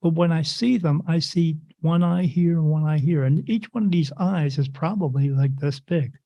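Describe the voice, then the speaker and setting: With a voice on the high side and normal speed, this podcast guest, a spirit medium, spins loose, animated stories, voicing the other people in them and frequently starting sentences over. It's casual interview talk; the audio has no echo and its highs are cut off.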